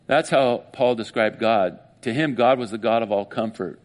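A man's voice: medium pitch, moderate pace. A man preaching a sermon, retelling a story with feeling and acting out the voices of its people. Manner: emotional, animated storytelling with acted-out voices. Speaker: pastor.

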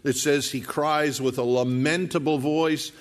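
A man's voice: a little high, fairly even intonation, measured pace. A man preaching a sermon, retelling a scripture story and acting out the characters' lines in his own voice. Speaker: pastor.

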